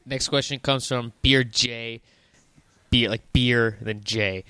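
A man's voice: medium pitch, steady tone, slow pace, pushed and bright, smooth, no room sound. A man co-hosting a casual soccer podcast, reading listener questions and joking around playfully. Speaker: podcast co-host.

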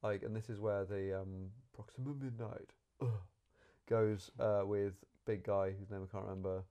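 A man reviews a film in loose, casual chat. He is animated and rambles, often stopping mid-sentence to rephrase. His voice is dark and mellow. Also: fairly low pitch, moderate pace. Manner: rambling, animated, self-correcting.

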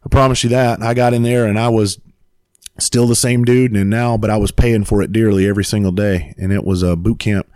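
A man telling a personal story in casual conversation, animated and profane. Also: fairly low pitch, fairly quick, dry recording, studio quality.

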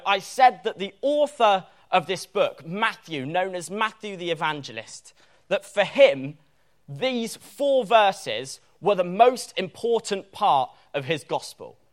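A young man preaching a sermon, animated and joking about himself, leaning hard on key words. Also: fairly high pitch. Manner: animated, self-deprecating humour, stresses key words.

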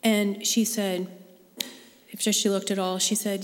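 A woman's voice: medium pitch, little pitch movement, a little slow, pauses often. A woman sharing a personal faith story with a live group, in an earnest, conversational way. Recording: long hall reverb.

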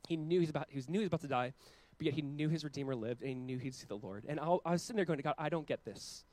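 A man in his thirties preaching a sermon as a pastor, earnest, with loud emphatic peaks and quiet, slowed passages. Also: fairly high pitch, no echo, low-quality recording.

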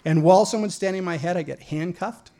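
A man from Idaho telling a personal story to an audience, animated and profane, often stumbling into repeated words. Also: high voice, fast. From Idaho, USA.

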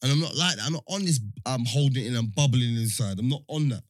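A man's voice: mid-range voice, quick pace, no echo, clean studio sound. A young man chatting casually and telling a slangy story, acting out the other people's lines as he goes. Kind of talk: casual podcast chat.

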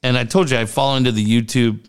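A man's voice: mid-range voice, steady tone, quick pace, clean tone. A middle-aged man co-hosting a casual talk show, telling stories with swearing and laughing at himself. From Southern California. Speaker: podcast co-host. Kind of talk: casual chat.

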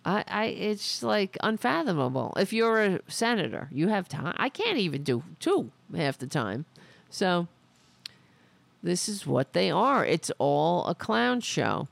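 A woman's voice: lowish voice, sing-song, a little slow, creaky, no echo. A woman hosting a political commentary podcast, delivering a sarcastic, profane, indignant opinion rant.

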